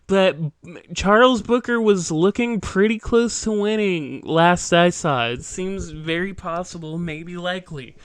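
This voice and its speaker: A man's voice: high-pitched, fairly bright tone, clean tone, dry recording. A man hosting a solo political commentary segment, casual and sardonic, with filler words as he explains. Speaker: host.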